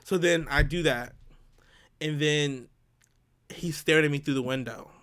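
Telling a story on a podcast he co-hosts, this man sounds a bit high and a touch slow. The chat is casual and lively, with plenty of laughter and acted-out quotes.

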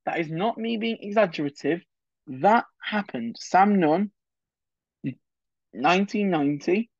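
A man's voice: sits high, animated, measured pace, dry recording, lo-fi sound. Chatty man, solo podcast host. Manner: digressive, chatty, opinionated asides. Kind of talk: solo political history podcast.

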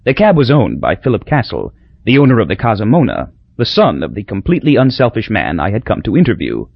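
A man narrates a novel in a wry, measured way, his husky voice swinging widely in pitch. The recording is dry and dull, with a lo-fi edge. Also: wildly swooping pitch, no room sound. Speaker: audiobook narrator. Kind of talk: scripted narration.

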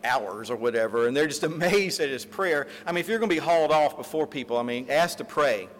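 A man's voice: a little high, fairly quick. Man preaching in a reverberant hall. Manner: animated retelling, acting out quotes. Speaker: pastor. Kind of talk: sermon storytelling. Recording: reverberant hall, faint room noise.

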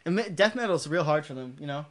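A man's voice: on the high side, quick pace. A man co-hosting a casual podcast chat, joking and swearing freely. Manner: joking, profane, animated. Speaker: podcast co-host.

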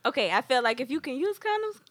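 A woman's voice: high voice, big pitch swings, fast talker, a bit bright. A woman who is a guest on a casual podcast, talking frankly and easily getting lost in the conversation. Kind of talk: casual chat.

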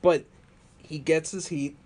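Brief: man, slightly raised pitch, chatty storyteller, casual podcast co-host. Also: takes it slowly. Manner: storytelling, animated, laughs often. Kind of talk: casual wrestling chat.

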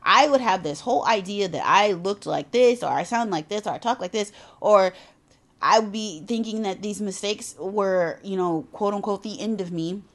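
A woman's voice: medium pitch, normal speed. A woman giving a motivational talk on self-love, emphatic and conversational, with casual asides and repetition for emphasis. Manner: emphatic, conversational, drops into animated character voices for retold quotes. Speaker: self-help speaker.

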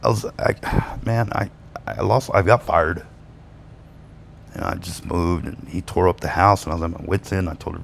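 A man's voice: deep voice, normal speed, gravelly, slight background noise. A man telling a rambling personal story to camera, profane and laughing between lines, swinging between bitter and wistful. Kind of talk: casual personal storytelling monologue.

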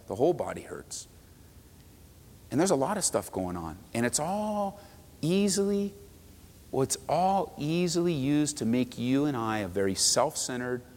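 Lively male pastor in a reverberant hall. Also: medium pitch, slightly rough. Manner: animated, acts out quoted voices, asks the crowd. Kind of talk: sermon. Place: church sanctuary.

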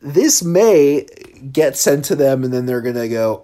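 A man's voice: medium pitch, expressive, moderate pace, dark tone. Brief: man in a middle register, riffing alone into a phone voice memo, dry and self-deprecating. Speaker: podcast guest doing a solo episode. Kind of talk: rambling comic monologue.

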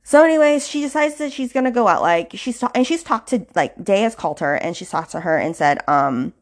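A woman's voice: mid-range voice, lively intonation, a little fast. A woman podcast host casually recapping a novel's plot, full of "like" and "you know" fillers, with indignant asides. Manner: chatty, filler-heavy retelling.

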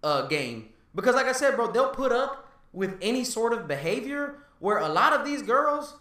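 A man in his thirties in casual podcast chat, talking fast and loose, swearing and tagging lines with "bro" and "right?". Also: very high voice, big pitch swings, sharp tone, reverberant, far from the mic. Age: 30s. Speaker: podcast co-host.

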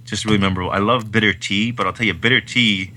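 A man's voice: fairly low pitch, fairly even intonation, fast talker, pushed and bright, slight background noise. A man co-hosting a podcast, chatting casually about films, enthusiastic and rambling, with lots of fillers. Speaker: podcast co-host. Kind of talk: casual film-review chat.

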